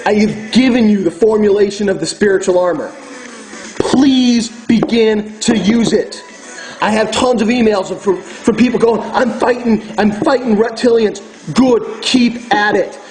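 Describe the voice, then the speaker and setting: A man's voice: sits high, darkish tone, rough recording. A man delivering a furious, profane ranting monologue as host of his own video channel, preaching to his viewers.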